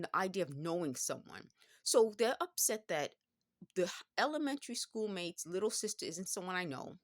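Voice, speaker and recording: A woman in her fifties speaks with a New York accent in a notably low voice, recorded dry and close with no room sound. She talks in a loose, rambling vlog monologue, circling back and correcting herself as she goes. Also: no echo. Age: 50s.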